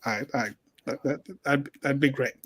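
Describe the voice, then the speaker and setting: A man, a guest on a talk show, telling a story with many pauses and restarts. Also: medium pitch, steady tone, fairly bright tone. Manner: hesitant, many fillers and restarts. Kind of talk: casual storytelling.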